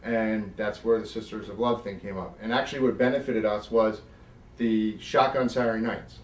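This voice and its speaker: Interviewed about his past, a middle-aged South Jersey man who used to wrestle tells stories animatedly, cursing casually and voicing quoted dialogue. His voice is on the low side at a moderate pace, recorded from a distance in a roomy space.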